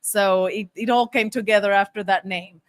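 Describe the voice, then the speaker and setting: A woman's voice: medium pitch, fairly even intonation, moderate pace, dry recording. A woman restaurant owner being interviewed, friendly and polite, answering with "yes, sir.". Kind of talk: interview conversation.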